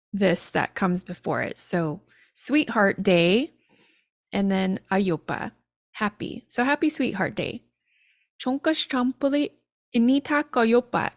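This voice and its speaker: Slow-talking woman teaching a language. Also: medium pitch, creaky, no room sound, clean studio sound. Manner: chatty, laughs at literal meanings. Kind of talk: live-stream language lesson.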